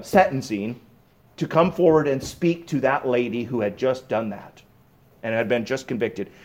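Male pastor, slightly high voice, emphatic sermon delivery with hushed drops. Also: lo-fi sound. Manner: emphatic, rising to raised bursts on key points; drops to a low hushed tone for reflection.

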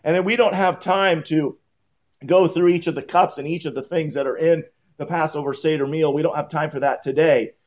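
A man preaching a sermon to his congregation, emphatic and rising in pitch when he quotes scripture and blessings. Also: steady tone, a little fast, a little mellow. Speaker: pastor. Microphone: PowerPoint on screen, speaking at a church lectern.

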